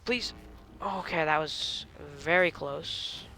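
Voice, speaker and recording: A man giving live gameplay commentary, excitable and talking to himself and his enemies, with mock British slang now and then. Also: fairly high pitch, a little slow, slight background noise. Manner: excitable, talks to himself and the enemies mid-fight. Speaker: gaming channel host.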